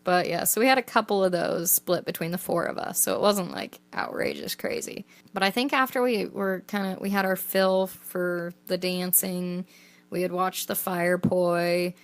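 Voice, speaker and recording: A woman's voice: fairly low pitch, normal speed. A young woman co-hosting a travel podcast, chatting casually, laughing often and saying "like" a lot. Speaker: podcast co-host.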